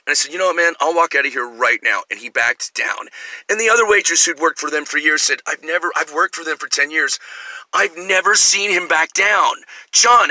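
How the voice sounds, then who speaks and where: Bright-voiced rambling middle-aged man. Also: a little high, no echo, low-quality recording. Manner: animated, jumps between tangents, acts out quotes. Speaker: vlogger. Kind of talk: rambling personal storytelling monologue.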